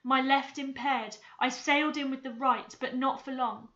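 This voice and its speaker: A woman teacher reading a novel aloud with clear, expressive storytelling. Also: high-pitched, moderate pace, lo-fi sound. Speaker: English teacher.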